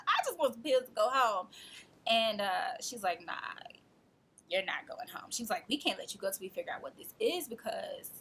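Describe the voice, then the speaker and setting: A woman in her twenties telling a personal story to camera in a casual, animated way, acting out the people she quotes and laughing often. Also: a little high, normal speed, slight background noise. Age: 20s. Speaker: vlogger.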